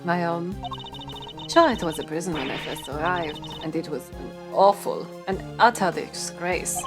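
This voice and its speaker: A woman voicing a doting, pompous female prison warden with a put-on vague Russian accent, theatrical and drawn-out. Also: lowish voice, lively intonation. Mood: gushing. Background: game music.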